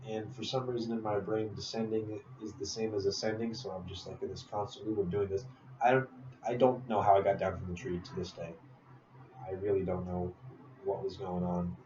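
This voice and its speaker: A young man with a low voice tells a personal story in a loose, rambling way, stopping for asides. He sounds a bit off from the mic, in a roomy space with an echo. The recording is dull and has steady noise behind it. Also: far from the mic. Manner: rambling, full of fillers and asides. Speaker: speaker telling a personal story. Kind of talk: casual storytelling speech.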